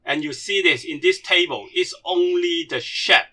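A man whose first language is Cantonese, teaching a slide-based lesson in non-native English and slowly drilling syllables one by one. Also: on the high side, bright, forceful tone.

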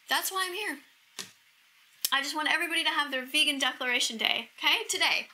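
A middle-aged woman vlogging to camera as she reacts to a video. She talks in an emotional, gushing way and often drops into a breathy whisper. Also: sits high, quick pace, pushed and bright, a little hiss or hum, low-quality recording. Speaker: vegan activist vlogger.

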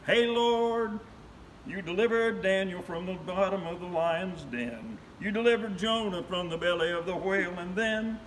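A man's voice: high voice, moderate pace, in a large hall, slight background noise, voice pushed up, close to an everyday voice, poor audio. A man calling out as a frightened preacher begging the Lord. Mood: pleading. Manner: loud, pleading cries. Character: frightened male preacher pleading with God.

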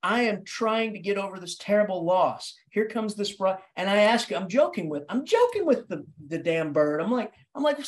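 A man lecturing as an English professor, talking in an animated, dramatic way that leaps up and down in pitch, with frequent restarts and repeated words. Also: moderate pace, hardly any pauses. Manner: animated, dramatic delivery with sudden pitch jumps. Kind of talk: literature lecture.

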